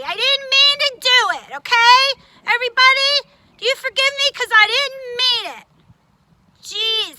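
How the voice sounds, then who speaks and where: A woman's voice: very high voice, slight background noise, exaggerated voice. A woman voicing Ty, a young male tiger puppet in a children's show, whiny and dramatic. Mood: apologetic. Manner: whiny, dramatic, swings between pleading and excitement.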